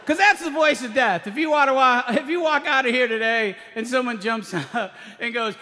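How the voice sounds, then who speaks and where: Man, stand-up comedian, high bright voice, hesitant with ums, long stage reverb. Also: steady tone, a little fast, hardly any pauses. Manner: hesitant, full of ums and uhs, laughing through lines. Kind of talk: live stand-up storytelling. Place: live radio stage before an audience.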